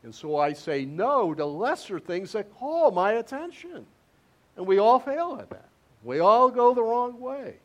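High-voiced pastor, chatty and repetitive. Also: male voice, big pitch swings, unhurried, muffled recording. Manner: conversational, repeats words for emphasis. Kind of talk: interactive sermon with congregation.

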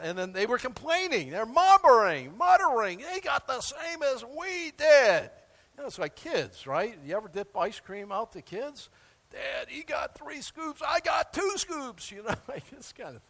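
High-voiced preacher guy, super lively, chatty sermon, big hall echo behind him. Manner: animated, conversational, acts out quoted voices. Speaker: pastor.

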